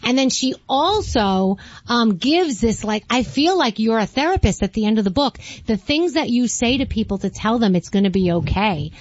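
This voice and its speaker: A woman co-hosts a radio interview, enthusiastic and warm, in a somewhat high voice. Her voice is dry and close, and the audio is dull and lo-fi. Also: animated, moderate pace, hardly any pauses, no echo. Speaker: radio co-host.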